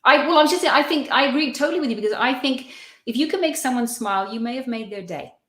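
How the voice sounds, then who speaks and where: A woman's voice: high voice, animated, fast, a bit bright, roomy sound. A woman guest on a live-stream video call, telling personal anecdotes in a chatty, storytelling way. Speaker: guest feng shui consultant.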